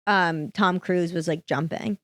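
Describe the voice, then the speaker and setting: A woman's voice: lowish voice, steady tone, unhurried, no echo, studio quality. A woman guest on a podcast, chatting casually and teasing playfully. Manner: playful, laughs often, teasing. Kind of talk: casual chat. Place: podcast studio.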